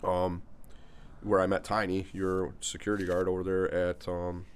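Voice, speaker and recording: Casting: male podcast host, very low voice, laid-back, cusses a lot in easy banter. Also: flat delivery, normal speed, smooth. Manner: laid-back, swears freely. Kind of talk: casual podcast chat.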